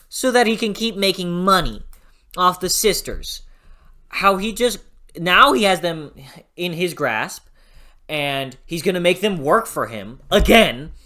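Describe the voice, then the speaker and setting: A young adult reviewing a book in a casual vlog, rambling and gushing, then bursting into loud swearing rants. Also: medium pitch.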